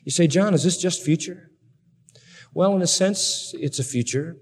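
A man preaching a sermon to a congregation, emphatic and building to excited peaks. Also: on the high side, moderate pace, slightly rough, in a large hall. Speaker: pastor.

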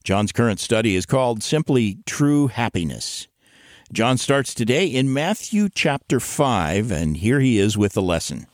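A man reading a scripted program introduction as an announcer, smooth and measured. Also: medium pitch, very animated, no room sound, studio quality. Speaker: radio announcer.

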